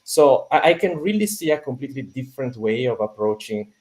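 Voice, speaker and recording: Italian-accented man, halting guest. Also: medium pitch, lively intonation, darkish tone. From Italy. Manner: hesitant, many fillers and restarts. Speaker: podcast guest. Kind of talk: conversational interview.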